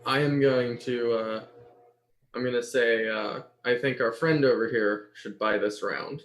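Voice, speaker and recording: A man's voice: mid-range voice, measured pace, fairly bright tone. A man playing a tabletop game on stream, starting his turns with hesitant stammers. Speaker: player. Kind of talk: casual game table chat.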